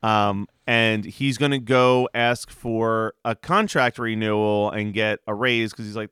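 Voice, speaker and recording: A man's voice: lowish voice, fairly even intonation, measured pace, few pauses, a bit bright, clean tone, dry recording, clean studio sound. A man co-hosting a podcast, casually and animatedly recapping an episode, swearing and acting out characters' lines. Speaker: podcast co-host.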